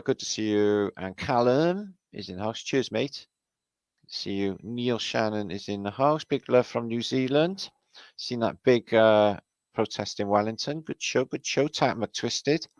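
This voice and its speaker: A man's voice: lowish voice, no room sound. Chatty man signing off a stream. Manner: chatty, rambling, reading out viewer shout-outs. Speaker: livestream host. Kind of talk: casual livestream sign-off.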